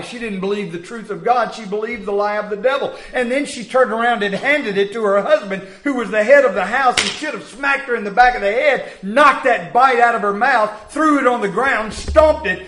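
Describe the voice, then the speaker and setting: A man preaching a sermon, acting out the voices of biblical figures and swinging from loud to hushed. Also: high-pitched, normal speed, few pauses. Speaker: pastor. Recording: echoey room.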